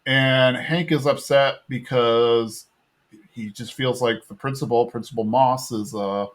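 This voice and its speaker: A man's voice: mid-range voice, fairly even intonation, measured pace. Man casually recapping a cartoon. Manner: retells scenes, acting out characters. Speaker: podcast host.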